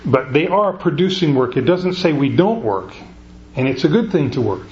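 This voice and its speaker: A man's voice: on the high side, very animated, moderate pace, a little mellow, muffled recording. A middle-aged man preaching a conversational sermon, often restarting his sentences. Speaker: pastor.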